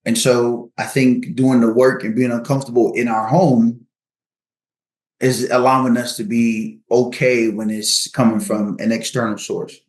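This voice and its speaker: A man's voice: mid-range voice, level tone, measured pace, a little mellow. Earnest man in an echoey room. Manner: earnest, uses sports analogies. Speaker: podcast guest. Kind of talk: earnest advice on marriage.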